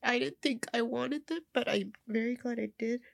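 A young woman speaking in a personal vlog while crying. Her nose is stuffy, and she talks haltingly, often repeating words. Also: a little high, creaky, no room sound, clean studio sound.

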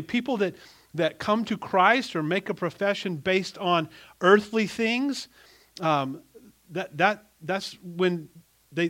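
A middle-aged male pastor preaching a sermon, emphatic and animated, often restarting his sentences. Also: sits high.

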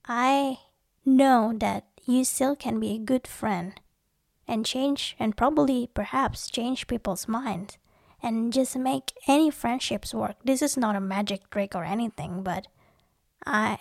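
A woman's voice: fairly high pitch, a little mellow, no room sound, studio quality. Bubbly young woman chatting to viewers. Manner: chatty, giggly, playfully acts out little scenes. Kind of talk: casual personal talk to viewers.

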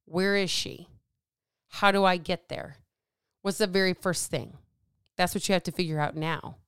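A woman hosting a podcast alone from a small dark office, asking repeated rhetorical questions in a fired-up motivational monologue. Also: medium pitch, clear, resonant tone, no room sound, studio quality. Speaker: podcast host.

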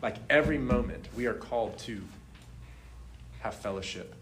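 A young man telling a personal faith testimony in a casual, animated way, laughing often and filling his talk with "like". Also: mid-range voice, normal speed. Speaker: speaker sharing a testimony.

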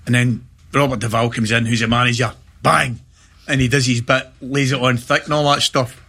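A middle-aged Scottish man, a former footballer, telling lively anecdotes in casual chat, often checking in with "right?". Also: mid-range voice, slightly rough. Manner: animated anecdotes, quick asides like "right?". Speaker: former footballer and pundit guest.

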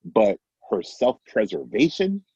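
A middle-aged man casually telling a personal story, animated and self-amused, acting out the dialogue. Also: mid-range voice, slow pace, vocal fry, slightly rough, no room sound, lo-fi sound. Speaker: guest storyteller.

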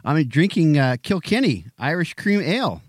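Man, podcast co-host, easygoing, lively pitch, dry sound. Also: moderate pace, no room sound. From Midwest US. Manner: easygoing, laughs along. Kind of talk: casual chat.

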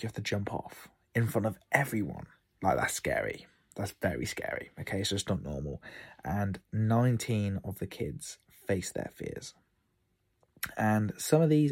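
A man hosting a casual solo podcast from his room, an outdoor camp instructor telling animated stories and acting out the kids' voices. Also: lowish voice, husky.

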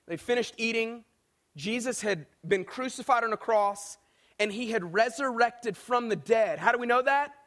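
Man, pastor, sermon, lively storytelling, higher voice. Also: moderate pace. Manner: animated storyteller, voices quoted characters, swings between soft and emphatic.

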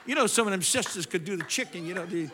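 A man preaching a sermon, telling a story and swinging between loud, animated preaching and quiet storytelling. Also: high-pitched, fast, background noise. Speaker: pastor. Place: church sanctuary.

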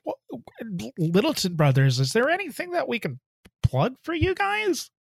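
A woman's voice: fairly high pitch, measured pace, gravelly, slightly rough, dry recording. Podcast host lady, bouncy up and down voice, dry close mic. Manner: exasperated, lively. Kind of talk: casual chat.

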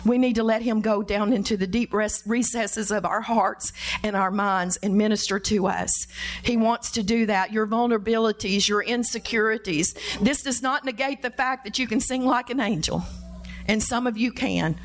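A woman's voice: on the high side, normal speed. A middle-aged woman preaching a sermon, impassioned, acting out pleading prayers and repeating her words. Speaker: preacher, pastor's wife.

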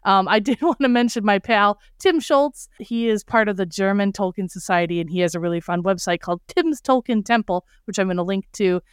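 A woman's voice: medium pitch, fairly quick, few pauses, smooth, dry recording, clean studio sound. A woman hosting a podcast in a casual, effusive way, gushing with thanks and laughing easily. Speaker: podcast host.

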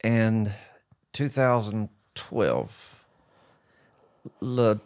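A man's voice: on the low side, big pitch swings, drawn-out words, a little mellow, clear, resonant tone. A middle-aged man, a pastor, hosting a casual interview; he speaks expressively and laughs easily. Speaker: pastor, host.

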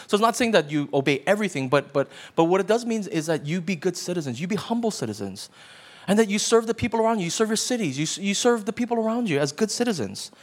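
A man preaching a sermon as pastor, conversational and emphatic, often checking in with his listeners. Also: sits high. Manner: conversational preaching with frequent "right?" asides.

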